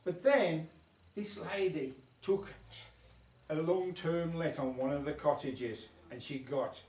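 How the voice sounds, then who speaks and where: A man's voice: fairly high pitch, slow pace, darkish tone. A man voicing a boastful, womanising male sheepdog who chats on as he tells his life story, recorded at a folk club. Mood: cheeky. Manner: chatty yarn-spinning, bragging. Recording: roomy club sound from far off.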